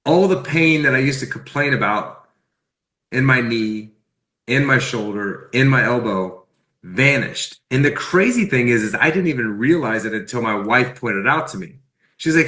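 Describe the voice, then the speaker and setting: A man's voice: mid-range voice, unhurried, roomy sound. A man telling a personal story with lots of energy, acting out the dialogue as he goes. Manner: animated, acts out quoted dialogue. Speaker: speaker sharing a personal testimony.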